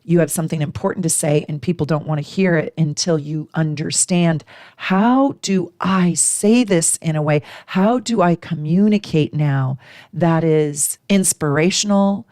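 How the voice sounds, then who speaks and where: A woman's voice: a little slow, no room sound. Emphatic woman astrologer, dry close sound. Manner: emphatic, animated, acts out little dialogues in a higher voice. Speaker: astrologer host. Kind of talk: casual astrology talk to camera.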